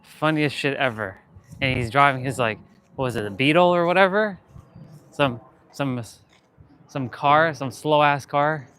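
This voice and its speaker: A man's voice: medium pitch, measured pace, a bit bright, smooth. A man chatting casually in a summer park during his fitness vlog, laughing and shooing bugs away. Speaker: fitness vlogger. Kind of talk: casual outdoor vlog chat.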